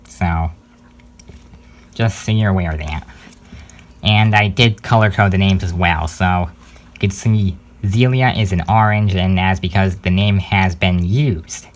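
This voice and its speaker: A young man hosting a home-made channel news update, talking casually with many fillers and hesitant pauses. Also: low-pitched.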